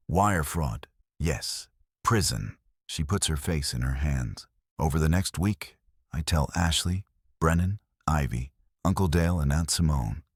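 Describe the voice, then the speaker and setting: A man's voice: rumbling low, husky, no echo, clean studio sound. A man narrating a first-person drama story in short, dramatic sentences, reading all the dialogue in his own voice.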